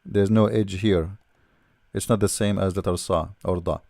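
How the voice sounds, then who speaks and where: A man teaches letter by letter in a low, gravelly voice, recorded close in a dry room. He talks patiently and repeats each sound, often checking in with "all right?". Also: steady tone, normal speed, darkish tone, no echo. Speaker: language teacher. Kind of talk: explaining letters while writing.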